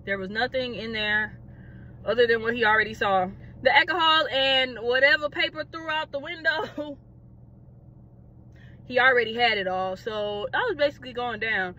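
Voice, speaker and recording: Brief: young woman, high and bright voice, dramatic, animated storytime delivery. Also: normal speed, highs cut off. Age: young adult. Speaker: vlogger. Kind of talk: casual storytime.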